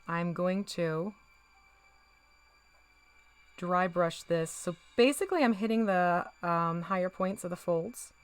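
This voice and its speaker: A woman paints miniatures while chatting casually with her live-stream audience, laughing often and sometimes drifting away from the mic. Her voice is lowish with a fairly bright tone.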